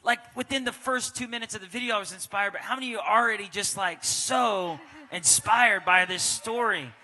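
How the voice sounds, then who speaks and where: High, bright-voiced pastor interviewing on stage. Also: male voice, fairly quick. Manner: enthusiastic affirmations, addresses the congregation. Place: church sanctuary before a congregation. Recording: long church reverb with faint room noise.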